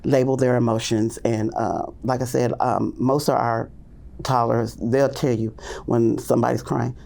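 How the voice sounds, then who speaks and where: Woman, early childhood teacher, gravelly and mellow, chatty podcast guest who acts out classroom moments. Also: flat delivery, normal speed. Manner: acts out classroom talk in hushed and high voices; loose, rambling with many fillers. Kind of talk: casual storytelling in a podcast interview.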